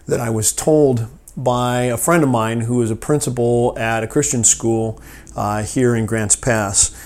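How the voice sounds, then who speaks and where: A man hosting a rescue mission podcast from his office, telling a parable in an informal sermon style, often pausing and repeating words. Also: mid-range voice, a little mellow. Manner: halting, repeats words while finding his way.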